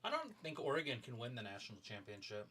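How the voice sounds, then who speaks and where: A man co-hosting a live stream, chatting casually in a relaxed, laid-back way. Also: medium pitch, quick pace, breathy edge. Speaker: stream co-host. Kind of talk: casual chat.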